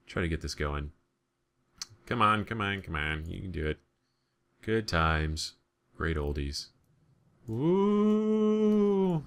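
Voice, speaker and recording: A man's voice: deep voice, pushed and bright. An American man giving casual, rambling gameplay commentary with joking asides. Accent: General American. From United States. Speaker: let's play gamer.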